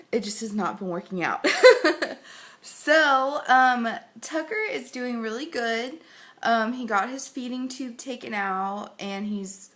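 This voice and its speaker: A woman's voice: a little high, fairly bright tone. A pregnant woman giving a rambling, casual update to camera, full of fillers and close to tears at times. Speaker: vlogger.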